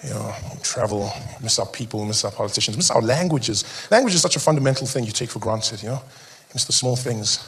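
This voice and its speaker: A man's voice: mid-range voice, lively intonation, fast talker, creaky, a bit bright, slightly rough. A man from South Africa with a South African accent, performing a stand-up comedy routine and acting out characters in funny voices. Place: comedy stage before a live audience.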